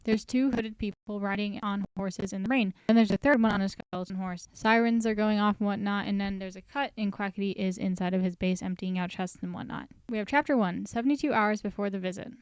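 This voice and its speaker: Smooth-voiced woman recapping with jokes. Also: medium pitch, a little fast, hardly any pauses, darkish tone, dry recording, poor audio. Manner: chatty, with joking asides. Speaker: recap host. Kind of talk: casual story recap commentary.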